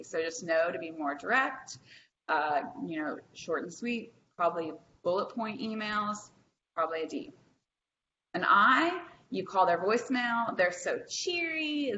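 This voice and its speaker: A woman's voice: on the low side, sharp tone, a little hiss or hum. A woman presenting a training workshop over a video call, chatty and upbeat with frequent ums. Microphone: video call microphone. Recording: echoey, dull lo-fi video call.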